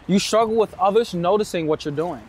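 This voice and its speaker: A man hosting his dating-advice show, talking straight to camera outdoors at night in a city, energetic and direct with some swearing. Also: sits high, brisk. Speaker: dating coach and show host. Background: street noise, passing vehicles, distant shouting.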